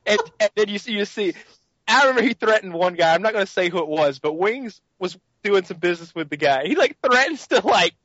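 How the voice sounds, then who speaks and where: Animated high-voiced man telling stories. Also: a little fast, no room sound, dull audio. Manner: animated storyteller, mimics yelling friends. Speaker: podcast co-host. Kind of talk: casual chat.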